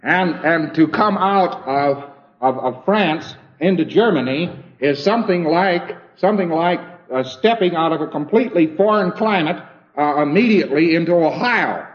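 A man's voice: a little high, lively intonation, normal speed. A man giving an informal lecture in a wry, conversational way, often repeating phrases as he thinks aloud. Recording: dull lo-fi recording.

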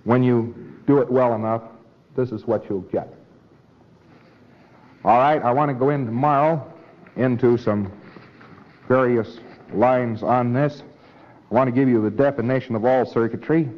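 A man lecturing in a conversational way, acting out both sides of short dialogues. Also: mid-range voice. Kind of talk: recorded lecture with acted dialogue. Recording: dull old lecture recording with faint hiss.

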